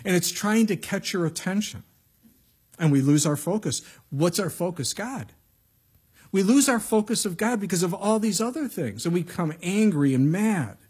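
A middle-aged male pastor preaching a sermon in a conversational way, acting out quotes with lively voices. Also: high voice, moderate pace, slightly rough.

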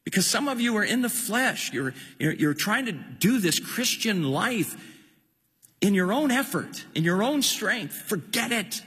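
A man's voice: sits high, very animated, a little slow, fairly bright tone, slightly rough, in a large hall. A man preaching a sermon with impassioned, emphatic delivery, often repeating his words.

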